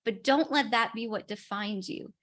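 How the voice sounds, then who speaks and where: Female branding coach, higher voice, earnest and emphatic. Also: moderate pace, a bit bright. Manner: earnest, emphatic, repeats key points. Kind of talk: coaching in conversation.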